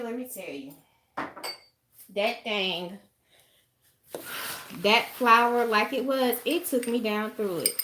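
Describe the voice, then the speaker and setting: A woman with a Southern US accent chatting to camera in her home kitchen, animated and drawn out, calling listeners "honey" and "y'all". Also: fairly high pitch. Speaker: home baker vlogger. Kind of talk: casual chat to camera. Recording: noisy kitchen with clattering dishes. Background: clinking dishes and utensils.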